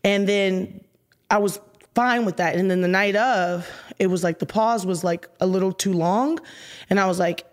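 A young woman, an interview guest and musician, telling an emotional story haltingly, with restarts and hushed whispered asides. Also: medium pitch.

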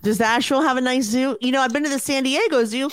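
A woman's voice: high-pitched, fast talker, smooth, dry recording. A woman from the United States co-hosting a casual chat, blunt and profane with dramatic reactions. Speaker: podcast co-host.

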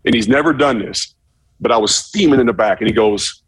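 A man casually telling a profane story, acting out shouted quotes with animated energy. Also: mid-range voice, brisk, breathy edge, no room sound. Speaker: former football player telling a story.

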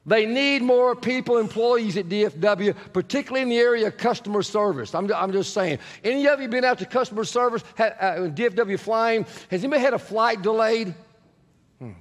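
A man preaching a sermon as pastor, animated and asking the congregation questions, sometimes rising to shouts. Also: high-pitched, brisk. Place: church sanctuary. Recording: long church reverb.

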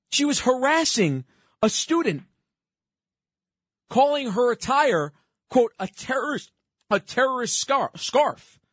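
A man with a very high, somewhat bright voice hosts political talk radio, ranting sarcastically and emphatically and taking calls. The recording is dry.

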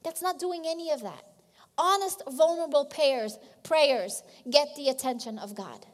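A woman pastor preaches in a conversational, emphatic way and often restarts her phrases. Her voice sits high. It carries with a long reverb through a large church hall. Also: moderate pace. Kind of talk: sermon.

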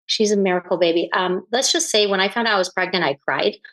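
A woman in her forties talks openly as a guest in a relaxed interview. Her voice sits at an ordinary middle pitch, and she speaks in a reflective, earnest way. She pauses often and restarts her sentences. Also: rough recording. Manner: earnest and reflective, halting with frequent fillers. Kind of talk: candid conversational interview.

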